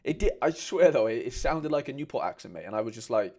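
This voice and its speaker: A young-sounding man with an ordinary mid-range pitch hosts a relaxed livestream, talking fast with hardly any pauses. He chats loosely with viewers, reads their comments out loud, and keeps calling everyone mate.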